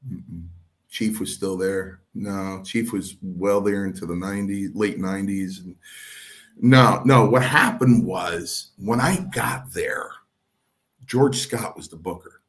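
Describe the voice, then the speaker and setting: A man's voice: low-pitched, slow. An older man, a former pro wrestler, telling stories in an interview and animatedly acting out what others said. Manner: animated anecdote-telling, voicing others in quotes. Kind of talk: storytelling in an interview.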